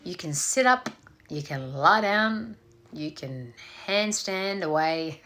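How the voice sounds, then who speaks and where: Playful, swearing meditation teacher, bright voice. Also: female voice, on the low side, lively intonation, takes it slowly. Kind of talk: casual talk leading into guided meditation.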